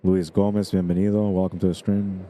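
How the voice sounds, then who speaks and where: Brief: male stream commentator, deep mellow voice, dry throat, rambling casual chatter. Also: level tone, brisk. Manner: rambling, chatty, many fillers.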